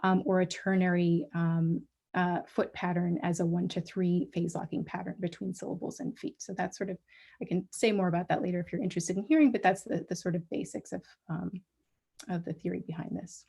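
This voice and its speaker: A woman's voice: lowish voice, steady tone, brisk, vocal fry, warm tone, breathy edge. A woman giving an academic colloquium talk, explaining step by step with frequent ums and restarts. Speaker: guest lecturer. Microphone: livestream talk mic.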